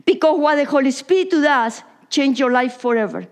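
High-voiced woman preaching in English. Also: lively intonation, normal speed. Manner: non-native English with Spanish slips, drops to whispers. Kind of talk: sermon.

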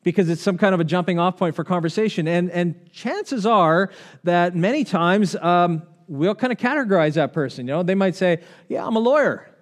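A man's voice: high voice, moderate pace. A man preaching a conversational sermon, reading scripture and asking the congregation questions. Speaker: pastor.

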